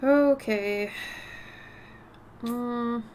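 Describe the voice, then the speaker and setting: Woman, raspy smoky voice, slightly stuffy nose, rambling casual stream chat, faint background noise. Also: on the high side, very slow. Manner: chatty, drifts between topics, soft murmured asides. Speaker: streamer painting live. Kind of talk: casual chat while painting.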